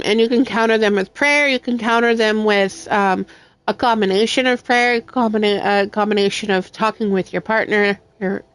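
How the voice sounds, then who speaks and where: A woman's voice: medium pitch, smooth, dry recording. Heartfelt rambling woman gamer. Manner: emotional, heartfelt, rambling with many fillers. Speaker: gaming streamer. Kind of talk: casual chat while playing. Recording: faint music in background.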